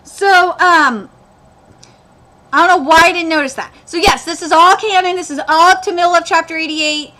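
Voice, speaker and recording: A woman's voice: extremely high pitch, normal speed, sharp tone. A woman hosting a live anime reaction, ranting with exasperation and swearing freely as she checks details against the manga.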